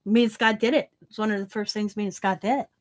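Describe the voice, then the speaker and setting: A middle-aged woman telling a long story with blunt, animated delivery and casual swearing. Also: mid-range voice, quick pace. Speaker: craft channel host. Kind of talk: casual storytelling while crafting.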